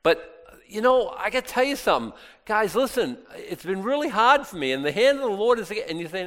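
A middle-aged man preaching a sermon in a conversational way, swinging between hushed and loud moments. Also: high voice, big pitch swings, normal speed. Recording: long reverb in a large hall.

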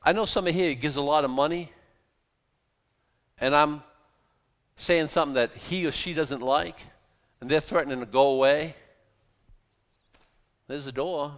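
A man preaching a conversational sermon, animated and informal, with many fillers and restarts. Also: medium pitch, in a large hall. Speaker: pastor.

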